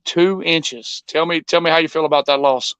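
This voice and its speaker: A man's voice: fairly high pitch, fairly even intonation, moderate pace, fairly bright tone, clean tone, no echo, low-quality recording. A man conducting a post-game interview in an upbeat presenter manner.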